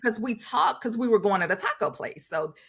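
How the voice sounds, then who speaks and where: This podcast co-host talks a little fast in a slightly high, creaky, somewhat rough voice. Telling stories candidly, she animatedly performs the things others said to her as quotes.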